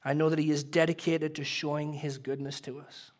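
A man preaching a sermon as pastor, earnest and emotional, swelling louder and then dropping soft, ending in prayer. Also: a little high, level tone, fairly quick.

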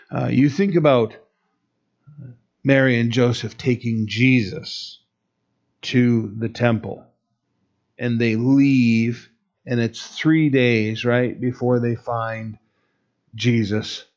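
Slow-talking preacher man, dull recording. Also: medium pitch. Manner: conversational, asides and fillers, rising to stern emphasis on quoted rebukes. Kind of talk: sermon.

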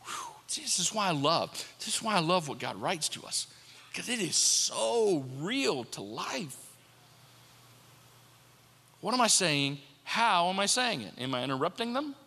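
A man's voice: high-pitched, very animated, unhurried, creaky, pushed and bright, in a large hall. A man preaching a sermon as pastor, talking conversationally and repeating rhetorical questions to the congregation.

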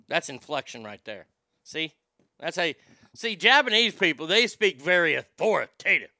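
A man's voice: a little high, very animated, moderate pace, bright, forceful tone, dry recording, clean studio sound. A man with a Southern accent hosting a casual talk show, rambling, joking and swearing. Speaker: radio show host.

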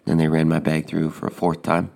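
Gravelly, flat-voiced male storyteller. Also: very deep voice, a little fast. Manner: deadpan, hesitant with fillers. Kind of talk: personal anecdote storytelling.

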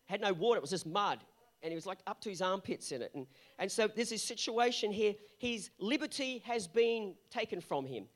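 A man's voice: high-pitched, lively intonation, fairly quick. A male pastor delivering an earnest sermon that builds to emphatic peaks.

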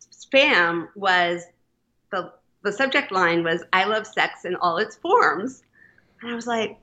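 A woman's voice: lowish voice, sharp tone, highs cut off. A woman in her fifties, a poet guest on a podcast, talking in a chatty, digressive way. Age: 50s. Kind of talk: casual podcast chat.

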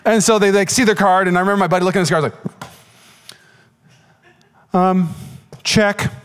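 Pastor, male, high voice; animated sermon storyteller who acts out characters. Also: normal speed, smooth.

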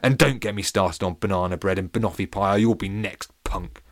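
A man's voice: sits low, a little fast, no echo, studio quality, lightly acted. A man voicing a scheming, boastful villain lemon in a storybook reading, ranting and sneering. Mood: menacing.

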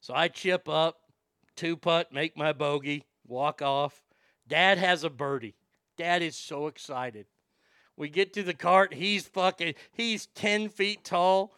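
A man casually telling a profane, animated anecdote and often laughing as he talks. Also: on the high side, slow pace, clear, resonant tone, no echo, studio quality.

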